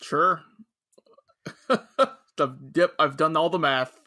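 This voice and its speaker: A man co-hosting a podcast, recapping plot in a dry, measured way during casual chat. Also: a little high, lively intonation, pushed and bright. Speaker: podcast co-host. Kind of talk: casual anime review chat.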